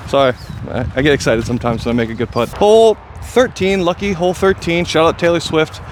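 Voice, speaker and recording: Recorded outdoors on a disc golf course, with faint traffic and outdoor ambience behind him, a man gives casual commentary on his round. His voice is slightly high and brisk, and he comes across as chatty, excitable, and quick to poke fun at himself.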